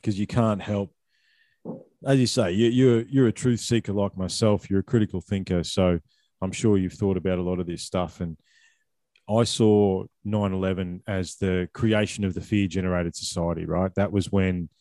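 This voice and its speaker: A man's voice: deep voice, steady tone, normal speed, warm tone, dry recording. An Australian man in his forties hosting a casual conversation, rambling and repeating words.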